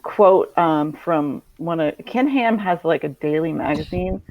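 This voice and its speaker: A woman's voice: sits low, unhurried, muffled recording, a crowd in the background. A woman co-hosting a podcast who talks eagerly, uses plenty of fillers and swears casually. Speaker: podcast co-host. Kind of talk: casual panel discussion.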